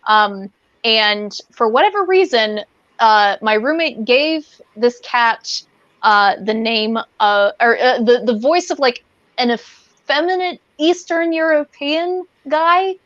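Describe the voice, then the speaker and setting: A woman's voice: a little high, takes it slowly, fairly bright tone, no echo. A woman co-hosting a podcast, chatting casually in a playful, rambling way with many fillers. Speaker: podcast co-host. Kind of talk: casual chat. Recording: dull lo-fi, dry sound.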